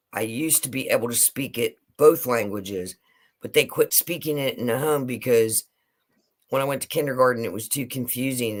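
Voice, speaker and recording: A woman in casual chat, telling stories about her grandmother and imitating her phrasing. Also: a bass voice.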